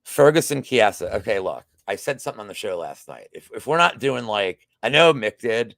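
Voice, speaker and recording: A man's voice: on the low side, lively intonation, fairly quick, vocal fry, fairly bright tone, no room sound, studio quality. A man hosting a betting podcast, chatting casually through fight picks with rambling restarts and profane asides. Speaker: sports betting podcast host.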